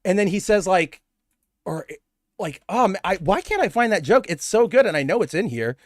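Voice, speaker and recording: A man's voice: sits high, very animated, moderate pace, no echo, clean studio sound. A young man co-hosting a casual comic book podcast, talking in long rambling stretches and acting out characters' lines. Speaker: podcast co-host.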